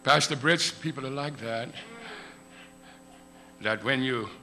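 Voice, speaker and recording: A male preacher giving a Palm Sunday sermon in a church, moving from hushed, slow storytelling to shouted crescendos and calling on a pastor beside him. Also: mid-range voice, soft background music. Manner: speaks to a pastor beside him in role-play. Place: church sanctuary.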